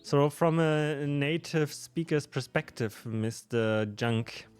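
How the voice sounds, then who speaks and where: A man's voice: a little high, slow, a little mellow, smooth, faint music behind. A man with a German accent chatting casually with viewers on a live stream while playing a game, laughing often.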